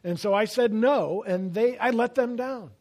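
A pastor with a high, unhurried voice delivers a sermon, telling stories with self-deprecating humor. He swings between loud emphasis and quiet asides.

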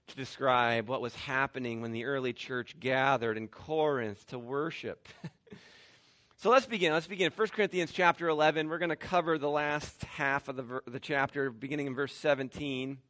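A man preaching a sermon, animated, with sarcastic bursts and laughs. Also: fairly high pitch. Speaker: pastor.

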